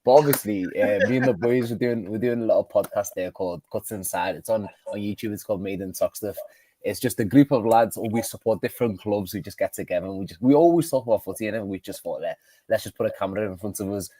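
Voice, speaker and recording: A man talking football as a guest on a live chat show, in quick, laughing, sweary banter. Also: on the low side, warm tone, no echo. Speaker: guest podcaster.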